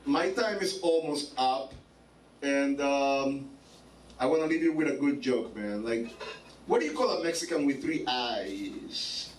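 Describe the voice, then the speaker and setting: Rambling, profane stand-up comedian in a bar. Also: male voice, mid-range voice, expressive, unhurried, recorded from a distance. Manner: profane, rambling, repeats "man" and "like". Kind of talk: stand-up set. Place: bar open mic. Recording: roomy bar from afar, crowd noise.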